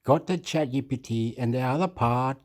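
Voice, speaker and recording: Excitable, profane man ranting. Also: mid-range voice, normal speed. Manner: excitable, profane, repetitive, clears throat often. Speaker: video commentator. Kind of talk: rambling off-the-cuff rant.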